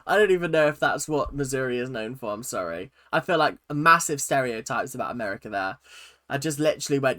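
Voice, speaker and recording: A man hosting a reaction video, talking casually with a bright, lively voice. He jokes around and laughs at himself as he comments. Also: on the high side, moderate pace. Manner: animated, jokey, laughs at himself.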